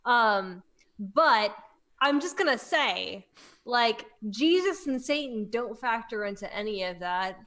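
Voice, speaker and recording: A woman's voice: a little high, animated, slow pace, a bit bright. A woman voicing a blunt, pushy sports coach, in a tabletop role-play.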